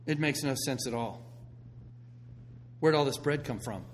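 A middle-aged pastor preaches a sermon, telling stories with animated swings between loud bursts and hushed lines. His voice is mid-range and a little slow, and the recording has a little hiss or hum.

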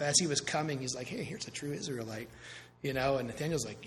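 A man preaching a sermon as pastor, conversational and animated, with quick asides and acted-out voices. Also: medium pitch, big-room sound, slight background noise.

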